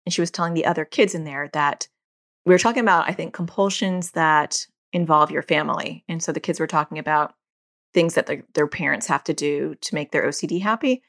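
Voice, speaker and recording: A woman's voice: low voice, brisk, fairly bright tone. A middle-aged woman hosting a solo parenting podcast, talking candidly and conversationally and laughing at herself now and then. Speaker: podcast host.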